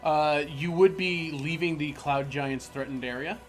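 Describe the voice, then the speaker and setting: A man's voice: fairly high pitch, unhurried, faint music behind. A man acting as game master, explaining rules and describing the scene with a playful, teasing manner. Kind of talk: narrating a tabletop game online.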